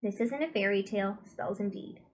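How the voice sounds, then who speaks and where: Lady reading as a little boy under a spell, flat calm, creepy reasonable. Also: mid-range voice, a little fast, a little hiss or hum, lightly acted. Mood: coldly calm.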